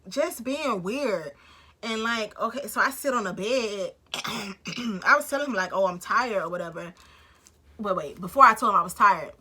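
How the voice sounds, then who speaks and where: Woman, storytime vlog, animated, slangy, bright forceful voice. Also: medium pitch. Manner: animated, slangy and profane, acts out both sides of the dialogue. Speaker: vlogger.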